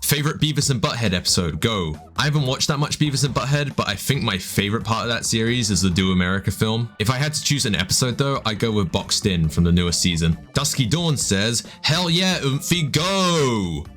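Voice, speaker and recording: Deadpan young Southern English man. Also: fairly low pitch, quick pace. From southern England. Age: young adult. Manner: deadpan, sarcastic and crude. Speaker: channel host answering viewer questions. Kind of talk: Q&A voice-over. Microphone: desktop condenser mic with effects. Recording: voice-over with background music.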